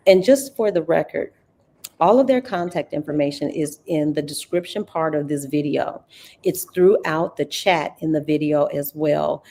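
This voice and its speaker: A woman hosting a livestream talk, animated and folksy, calling listeners honey and girl. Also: sits low. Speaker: host.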